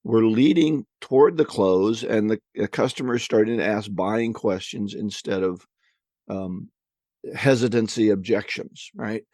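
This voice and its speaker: A man's voice: on the low side, a little slow, darkish tone, no echo, clean studio sound. A man co-hosting a podcast, reading listener questions and answering in a casual, conversational way, often repeating words as he thinks.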